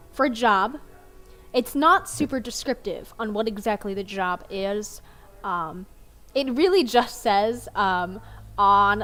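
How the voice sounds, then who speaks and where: A woman's voice: fairly high pitch, fairly bright tone. Chatty woman game master. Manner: casual, chatty, with many ums. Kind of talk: narrating a tabletop game.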